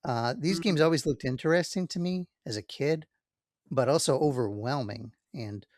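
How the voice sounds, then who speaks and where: A man co-hosting a podcast, talking in a relaxed, rambling way, checking himself as he goes. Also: medium pitch, normal speed, dry recording, clean studio sound. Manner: relaxed, rambling, many fillers and self-checks. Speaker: podcast co-host. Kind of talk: casual chat.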